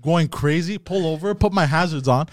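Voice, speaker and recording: A man co-hosting a podcast, telling a heated story with lots of swearing and shouted quotes. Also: on the high side, normal speed, no room sound, clean studio sound. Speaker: podcast co-host. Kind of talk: casual storytelling chat.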